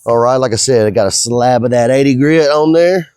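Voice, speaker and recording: A man's voice: mid-range voice, a little fast, darkish tone, smooth, no echo, studio quality. A middle-aged man, the owner of a fabrication shop, talking casually in a rambling, folksy way as he works. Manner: easygoing, rambling, folksy talk.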